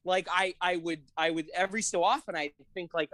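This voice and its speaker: A woman co-hosting a podcast in casual chat, gushing and excitable, often laughing and swearing. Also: lowish voice, quick pace, hardly any pauses, no room sound. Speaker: podcast co-host.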